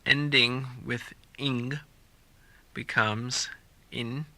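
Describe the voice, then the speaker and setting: A man reads a scripted listening drill slowly and carefully, pausing on each example sentence. His voice is very bright and sharp, and the recording is dry and close. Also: medium pitch, fairly even intonation, dry recording. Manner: slow, deliberate reading of example sentences for repetition. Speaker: English pronunciation teacher. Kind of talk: scripted listening-practice narration.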